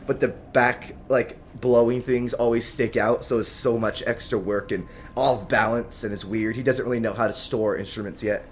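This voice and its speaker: A man's voice: medium pitch, slight background noise. A man playing a tabletop game, rambling through his character's description with lots of likes and ums. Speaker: player. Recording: faint music behind.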